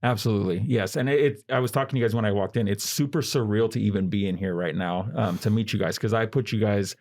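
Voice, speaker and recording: A man chatting as a podcast guest, humble and quick to laugh. His voice sits on the low side and he talks fast. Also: a little mellow. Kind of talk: casual chat.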